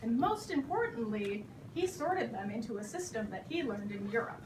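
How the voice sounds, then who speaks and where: A woman performing a playful, animated children's story on a theater stage. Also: fairly high pitch, moderate pace, background noise. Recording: echoey hall from far off.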